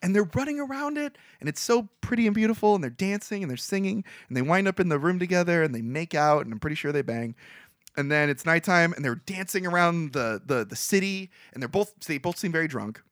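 A man co-hosting a podcast, casually retelling a movie plot in a rambling, animated way, full of fillers. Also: on the high side, brisk, dry recording, clean studio sound. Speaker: podcast co-host.

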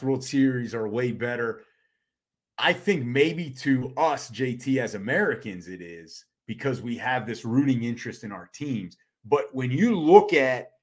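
A middle-aged man co-hosts a sports podcast in casual chat, animated and quick to laugh. He has a mid-range voice and restarts his sentences often.

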